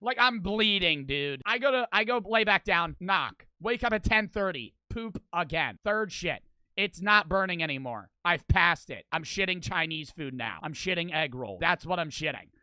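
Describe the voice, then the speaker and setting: A young man telling a crude story in casual, profane, animated fashion. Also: high-pitched, normal speed, smooth, no echo. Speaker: streamer.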